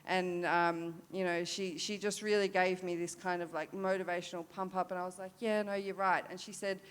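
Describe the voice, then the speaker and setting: A woman's voice: fairly low pitch, flat delivery, a little fast, smooth. An Australian woman in her thirties, a para-dressage rider, candidly telling a story at a forum, with many fillers and restarts.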